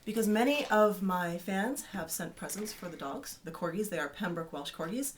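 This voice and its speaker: A woman's voice: mid-range voice, lively intonation, normal speed, a little hiss or hum. A woman in her thirties hosting a casual video newsletter for her fans, chatty and playful with teasing asides.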